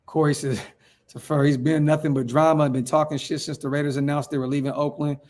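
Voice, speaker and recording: A hyped man from Northern California hosts a casual fan livestream, reading viewer comments aloud and answering them. His voice sits a little high for a man, and his talk is slangy and full of repeated phrases. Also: flat delivery, fairly quick, a little mellow. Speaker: fan channel livestream host.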